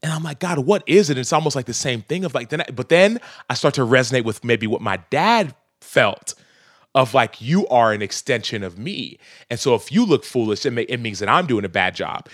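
A man's voice: medium pitch, animated, brisk, a bit bright, no room sound, studio quality. A man in his thirties, a podcast guest talking earnestly and reflectively in casual conversation, often breaking into laughs.

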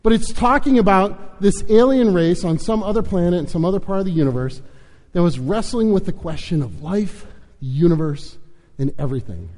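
A pastor talking casually and chattily in a slightly higher voice, trailing off into fillers as he retells a story. His voice carries through a large sanctuary with a long reverb. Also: lively intonation, a little fast, darkish tone. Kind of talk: sermon with storytelling.

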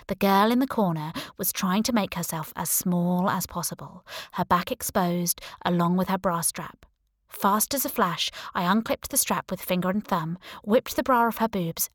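Female audiobook narrator, lower register, wry sarcastic first-person read, dead-dry booth sound. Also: a bit bright, no echo.

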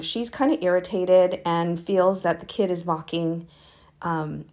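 A woman's voice: on the low side, a little mellow. Chatty woman retelling Bible stories. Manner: chatty, informal retelling with frequent fillers; earnest, rising emphasis when urging prayer. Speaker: podcast host reading the Bible. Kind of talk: casual Bible reading and commentary.

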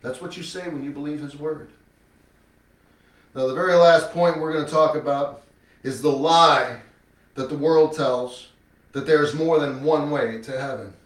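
Male preacher, higher-pitched, emphatic sermon delivery that swings loud to hushed; recorded at a distance. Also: steady tone, a little slow, long pauses. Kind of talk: sermon with scripture reading. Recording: echoey room, mic at a distance.

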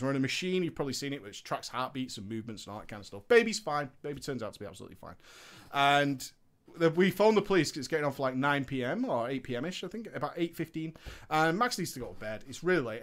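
A man's voice: a little high, a bit bright. A man, telling a personal story in a casual, indignant way and swearing freely.

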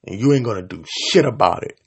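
A man delivering a profane, confrontational rant straight to his audience, swinging between loud outbursts and low mutters. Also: lively intonation, fairly quick, breathy edge. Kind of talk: profane angry rant to camera.

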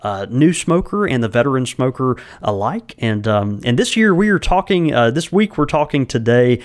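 A man's voice: mid-range voice, expressive, moderate pace. A man co-hosting a podcast in casual chat, rambling and full of filler words. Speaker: podcast co-host.

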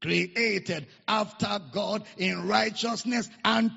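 A man's voice: very high-pitched, sing-song, slow pace, gravelly, fairly bright tone, slightly rough. A man with a Nigerian accent preaching a sermon, leading the congregation in call-and-response repetition. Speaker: pastor. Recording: echoey hall, dull lo-fi sound.

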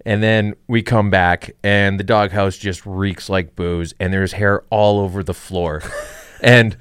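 A man telling an old work story in a casual chat, deadpan and swearing freely. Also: low-pitched, slow, clear, resonant tone, no room sound, studio quality. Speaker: podcast guest, comedian.

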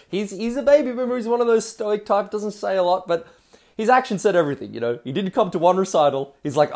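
Man, casual storytelling, chatty asides, very lively pitch swings. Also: fast. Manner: animated, chatty, frequent asides and laughs.

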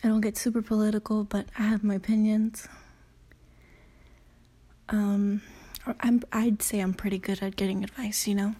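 Young woman, late teens, podcast host, breathy husky voice, dark mellow tone, rambling, self-conscious, swearing, casual solo talk. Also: medium pitch, flat delivery, normal speed. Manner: frequent "you know" and "I don't know".

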